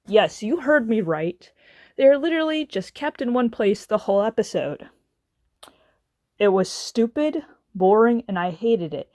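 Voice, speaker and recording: A woman's voice: on the high side, animated, measured pace, darkish tone, dry recording, studio quality. A woman delivering a casual, exasperated rant as a video reviewer, sarcastic and swearing now and then. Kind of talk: casual ranting commentary.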